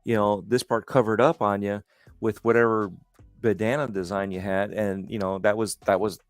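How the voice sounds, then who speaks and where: A man's voice: lowish voice, flat delivery, moderate pace, dry recording, faint music behind. A man hosting a casual podcast chat, telling stories in a rambling, enthusiastic way. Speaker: host.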